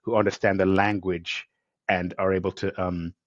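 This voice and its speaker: A man's voice: deep voice, flat delivery, normal speed, dry recording, highs cut off. A male podcast host in a conversational interview, talking at length with enthusiasm and acting out quotes as he goes. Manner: enthusiastic, rambling, acts out quotes.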